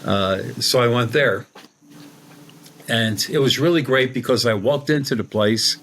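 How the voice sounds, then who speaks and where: Brief: middle-aged male medium guest, colloquial rambling storyteller, mid-pitched. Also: a little slow, a bit bright, slight background noise. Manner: rambling, colloquial, acts out quoted dialogue. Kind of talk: conversational storytelling.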